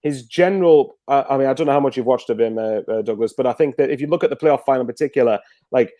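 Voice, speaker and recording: A man's voice: mid-range voice, fast talker, mellow, dry recording. A man chatting casually as a guest football fan, rambling with lots of fillers and restarts. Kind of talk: casual video call chat.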